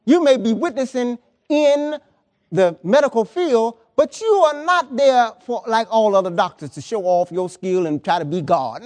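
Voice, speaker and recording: Animated preacher man, high lively voice. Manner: animated, emphatic, colloquial, repeats words. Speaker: pastor. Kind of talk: lively sermon.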